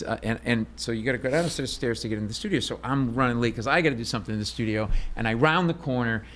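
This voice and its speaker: Brief: a comedian guest in an interview, a mid-pitched man who tells stories excitably and acts out the other people in them. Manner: excitable, acts out voices, bursts into shouts. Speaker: stand-up comedian and podcast host, interview guest. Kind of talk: animated storytelling.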